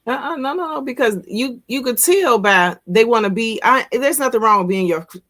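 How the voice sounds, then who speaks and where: A woman in her fifties with a somewhat high voice, talking in a casual podcast chat. She speaks bluntly and with emphasis, using plenty of slang. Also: lively intonation, moderate pace, fairly bright tone. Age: 50s.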